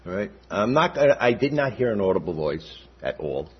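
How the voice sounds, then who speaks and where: A man's voice: fairly low pitch, sing-song, moderate pace, slightly rough. An older man giving a personal testimony at a church gathering, talking conversationally and often checking in with "all right?". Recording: dull lo-fi recording.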